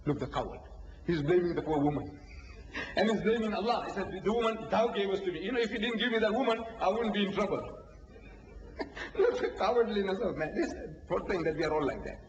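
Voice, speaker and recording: A man preaching an animated religious lecture, posing rhetorical questions, acting out dialogues and laughing at his own points. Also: high-pitched, fast talker, noisy background. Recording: echoey hall, dull lo-fi archive tape.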